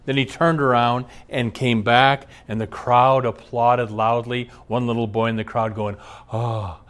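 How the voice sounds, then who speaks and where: A man's voice: mid-range voice, level tone, a little slow, a bit bright, clean tone. A man preaching a sermon, telling stories with emphasis and occasional laughs. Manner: storytelling, emphatic, frequent laughs. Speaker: pastor.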